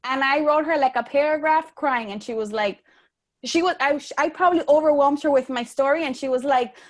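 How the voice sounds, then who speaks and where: A woman's voice: high-pitched, fairly quick. A woman on a team call telling a candid personal story, acting out the voices she quotes. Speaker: team member.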